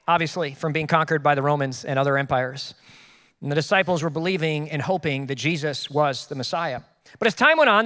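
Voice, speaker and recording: A man's voice: high voice, pushed and bright, long reverb tail. A young man preaching a sermon in a casual, conversational way, acting out quotes from the people he talks about. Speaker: pastor. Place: church hall.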